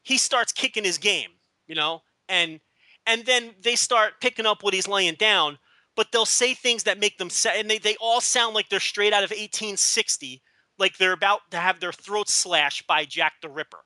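Bright, high-voiced man stammering through a story. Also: normal speed, no room sound. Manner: rambling, stammering restarts, mock British voices in quotes. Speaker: podcast co-host. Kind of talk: casual podcast chat.

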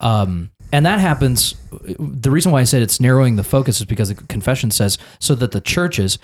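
A man's voice: mid-range voice, expressive, brisk. An American man discussing a church confession in a casual conversation, thinking aloud with many restarts and repeated words. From United States.

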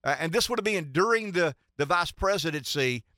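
A man's voice: a little high, expressive, brisk, bright, forceful tone, no room sound, studio quality. A man in his sixties hosting political talk radio, rambling emphatically with many restarts. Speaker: radio talk show host.

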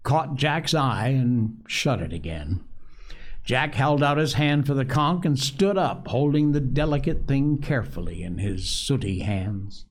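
A man narrating a novel aloud with a slow, deliberate, expressive delivery. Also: medium pitch. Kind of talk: audiobook novel reading.

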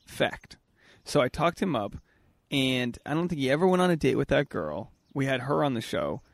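A young man hosting a podcast, rambling through casual chat with frequent halting restarts. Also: mid-range voice, expressive, vocal fry, dry recording, studio quality. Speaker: podcast host. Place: outdoors at a yard sale.

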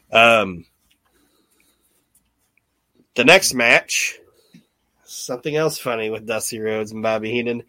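A man hosts a casual podcast, talking through an old wrestling event. His voice is bright and forceful, recorded dry and close. He rambles, swears, and slips into the voices of the people he quotes. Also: medium pitch, no echo. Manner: rambling, profane, animated retelling with quoted voices. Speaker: podcast host. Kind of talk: casual wrestling recap chat.

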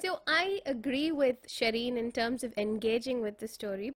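A woman's voice: fairly high pitch, moderate pace. A woman storyteller sharing how she engages children, in an earnest manner. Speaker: storyteller, panelist. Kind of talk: sharing views in a panel.

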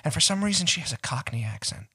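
A man's voice: fairly high pitch, fast, slightly rough. A man who is an actor, chatting as a guest and telling stories, laughing often and slipping into voices. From United States. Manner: animated, laughing storyteller who slips into voices. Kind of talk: casual chat.

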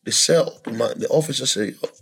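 A man on a podcast telling a hard personal story with lots of emotion, acting out other people's voices in loud high bursts. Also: moderate pace, vocal fry, breathy edge, faint music behind. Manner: animated, acts out voices and shouts in high bursts. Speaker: podcast guest sharing his story.

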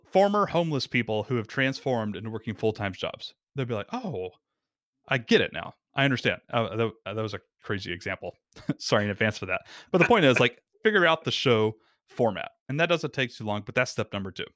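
A man guest on a podcast explains step by step, his voice swinging up and down with energy as he acts out quotes. The mid-pitched voice is recorded close and dry, with no room sound. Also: no room sound. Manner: animated, quick explainer acting out quotes. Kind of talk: casual podcast conversation.

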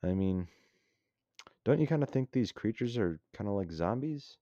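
A man reading as a worried young soldier who questions everything. The voice sits very low and dark, and the recording is dull and lo-fi with a dry, close sound. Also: animated, normal speed, no echo, close to an everyday voice. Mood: uneasy.

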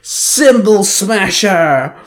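A man's voice: mid-range voice, steady tone, moderate pace, natural voice. A man voicing a confident, cocky young woman leading a team. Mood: commanding.

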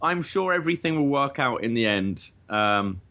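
A man's voice: mid-range voice, expressive, moderate pace, pushed and bright, lo-fi sound. A man with an English accent co-hosting a casual podcast chat, joking and laughing often. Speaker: podcast co-host. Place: living in Toronto area.

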